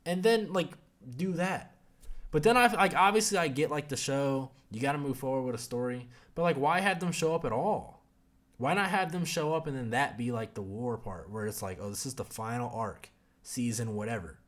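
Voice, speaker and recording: A man's voice: on the high side, animated, normal speed, a bit bright. A young man hosting a podcast, chatting casually about a show in a rambling, profane way full of fillers. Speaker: podcast host. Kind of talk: casual review chat.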